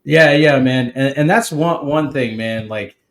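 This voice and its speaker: A man's voice: mid-range voice, a little slow. A man hosting a podcast, casual and enthusiastic, often calling his guest "man". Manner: enthusiastic, says "man" a lot. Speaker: podcast host. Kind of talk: casual interview chat. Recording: roomy echo.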